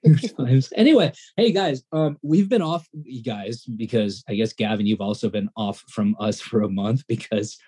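Male co-host, excitable, rambling talker, mellow husky tone. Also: medium pitch, moderate pace, hardly any pauses. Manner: excitable, rambling, self-deprecating. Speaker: podcast co-host. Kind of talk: casual podcast chat.

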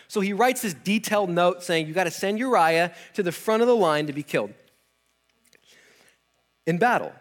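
A man's voice: sits high, animated, moderate pace, pauses often. A young adult man preaching, retelling a scripture story casually with slang, laughs and acted-out character lines.

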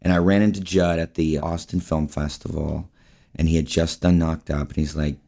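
A man's voice: a bass voice, flat delivery, moderate pace, vocal fry, dark tone. A man guest on an interview show, telling stories in a rambling, casual way, often saying "like" and "you know". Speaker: guest, actor and filmmaker.

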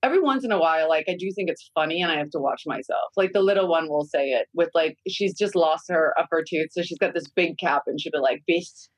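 A woman's voice: sits low, quick pace, hardly any pauses, no echo, low-quality recording. A woman in her forties, a podcast guest, chatting candidly about raising young kids and swearing freely. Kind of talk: casual podcast chat.

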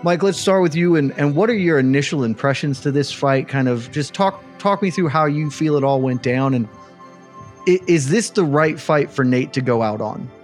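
A man hosting a sports panel show, introducing guests in a playful, excited announcer style. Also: fairly high pitch, normal speed, soft background music. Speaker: host.

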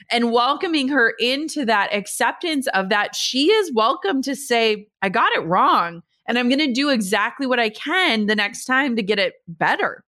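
A woman's voice: on the high side, normal speed, hardly any pauses. A woman in her thirties hosting a podcast, talking casually and earnestly and reading sponsor spots. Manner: earnest, animated storytelling. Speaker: podcast host. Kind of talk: casual podcast talk with read ads.

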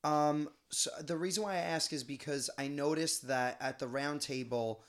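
A man's voice: fairly high pitch, moderate pace, a bit bright. A man co-hosting a podcast, asking questions in a curious, chatty way. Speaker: podcast co-host. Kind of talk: casual podcast chat.

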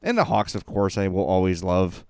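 Excitable guy chatting sports on a podcast, pitch jumps all over, clean dry sound. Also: moderate pace, creaky, smooth, no room sound. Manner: animated, excitable. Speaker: podcast co-host. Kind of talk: casual sports chat.

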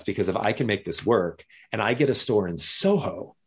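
Animated man telling a story. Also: lowish voice, normal speed, breathy edge. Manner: animated, acts out other people's lines in jumpy voices. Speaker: guest. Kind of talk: casual storytelling.

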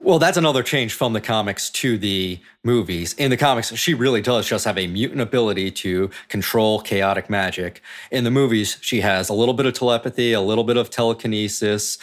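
A man's voice: fairly low pitch, fairly quick, few pauses. A man on a film panel who explains comic book background in a knowledgeable way. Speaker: panel guest. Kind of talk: casual movie discussion.

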